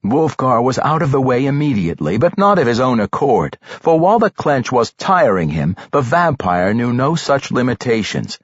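Male fantasy narrator, husky and animated, dry, slightly dull recording. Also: medium pitch, moderate pace, hardly any pauses, no room sound. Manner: expressive, animated delivery. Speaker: audiobook narrator. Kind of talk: dramatic fantasy audiobook narration.

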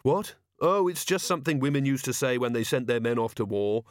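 A man doing a calm, matter-of-fact young woman guard. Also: medium pitch, brisk, no echo, studio quality, lightly acted. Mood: dry.

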